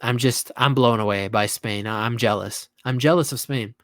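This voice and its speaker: A young man giving casual, opinionated football reaction commentary, tired and animated by turns and often repeating himself. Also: medium pitch, normal speed, no echo, studio quality. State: tired, yawning.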